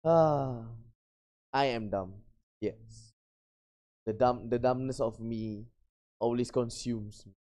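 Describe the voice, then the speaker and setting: A young adult VTuber streamer from Malaysia, chatting casually and getting flustered, often breaking into high laughter. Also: drawn-out words, pauses often, mellow. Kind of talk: casual live-stream chat.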